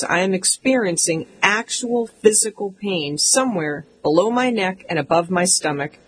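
A woman's voice: mid-range voice, husky, poor audio. A woman reading a comic memoir aloud in an emphatic, mock-indignant way. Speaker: audiobook narrator. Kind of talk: scripted comic memoir narration.

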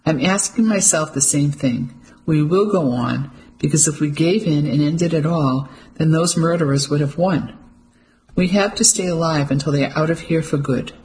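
A storyteller voicing a grieving, defiant woman who stays fierce and steady in an audiobook. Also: mid-range voice, moderate pace, natural voice, low-quality recording.

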